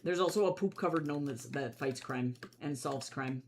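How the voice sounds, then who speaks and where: A young adult comic artist chatting casually on a livestream while drawing. The talk is excitable and jokey, with loud bursts and quieter self-mocking mutters. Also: mid-range voice, moderate pace, a little hiss or hum. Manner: excitable and chatty, swinging between loud squeals and soft mutters.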